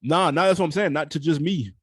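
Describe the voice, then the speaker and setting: A man's voice: fairly high pitch, fast, husky, no echo. Laid-back male podcast co-host. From United States. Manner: laid-back, rambling, profane storytelling. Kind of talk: casual podcast chat.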